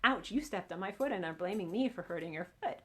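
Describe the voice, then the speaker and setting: A woman's voice: on the low side, expressive, fast talker, lightly acted. A woman voicing a defensive, stubborn man in a role-play example, lecturing and blaming.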